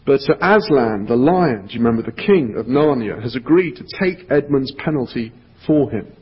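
A male pastor giving an earnest sermon, reading a storybook aloud and dropping to a hushed voice for emphasis. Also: medium pitch, expressive, normal speed, slightly rough. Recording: echoey hall, dull lo-fi sound.

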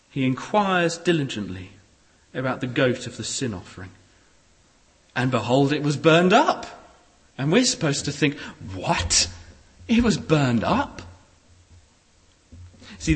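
A man preaching a sermon in a church hall, expressive, with shifting pace and loudness. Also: a little high. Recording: echoey hall.

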